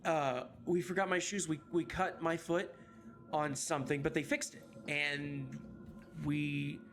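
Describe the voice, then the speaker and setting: A man voicing a haunted returned captive who says "we" and talks in halting, broken phrases. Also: on the high side, level tone, fairly bright tone, soft background music. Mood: dazed. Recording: background noise.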